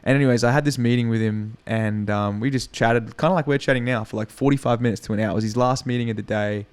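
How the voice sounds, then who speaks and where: A young Australian man with an Australian accent, an actor and comedian, appears as a podcast guest and chats casually, swearing freely in animated stories about acting. His medium-pitched voice is fast, clear, and resonant.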